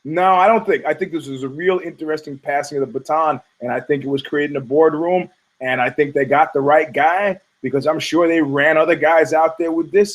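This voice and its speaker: A middle-aged man hosts a podcast with a slightly higher-pitched voice. He rambles and rants sarcastically, peppering his talk with profanity. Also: fairly even intonation, fairly quick, poor audio. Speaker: podcast host. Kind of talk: casual rant.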